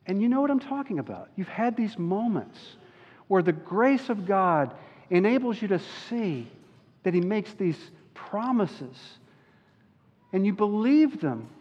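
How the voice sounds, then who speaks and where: A man preaching a sermon as a pastor, earnest and slowing down on key words. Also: sits high. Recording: dull recording with long hall reverb.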